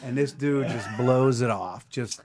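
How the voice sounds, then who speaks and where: A middle-aged man hosts a loose podcast chat in a mid-pitched voice. He needles his co-host with dry sarcasm and swears freely. He reads an ad read in the same offhand way. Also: a little slow, a little mellow. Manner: sarcastic, profane ribbing. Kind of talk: casual banter.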